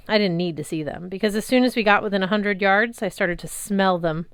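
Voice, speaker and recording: Woman reading a story aloud, crisp. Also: mid-range voice, brisk, few pauses, no room sound, studio quality. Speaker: reader. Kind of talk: audiobook narration.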